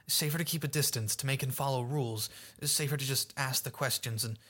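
A man's voice: medium pitch, fast talker, bright, forceful tone, pitched above the performer's own voice. A man voicing a timid, frightened young girl with a pleading, fearful manner.

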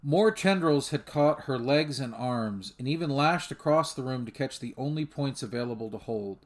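A man narrating a fan audiobook in a measured, steady storytelling manner. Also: mid-range voice.

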